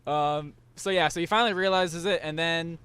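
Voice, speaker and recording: A man's voice: fairly high pitch, brisk, sharp tone, clean tone. A young man hosting a casual chat, rambling through a recap with many restarts and fillers. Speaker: podcast host.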